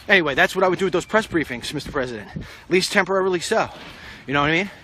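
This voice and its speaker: Strolling down a street with a handheld phone, this middle-aged political vlogger delivers a rambling, confident walk-and-talk, addressing the president directly. He speaks rapid-fire in a high-pitched, sharp-toned voice with lively intonation, and there's a little hiss or hum on the recording.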